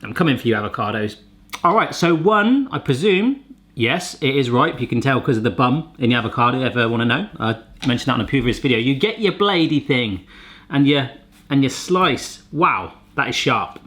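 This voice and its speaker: A man's voice: medium pitch, lively intonation, moderate pace, fairly bright tone. A man hosting a kitchen gadget video, chatting casually and cracking playful jokes. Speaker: kitchen gadget reviewer, show host. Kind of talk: casual vlog chat.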